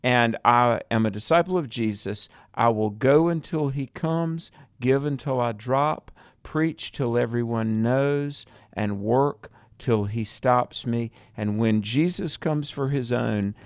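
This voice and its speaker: Male radio Bible teacher, mid-pitched, earnest and exhorting, dry close studio sound. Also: no room sound. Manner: earnest, exhorting, slows for emphasis.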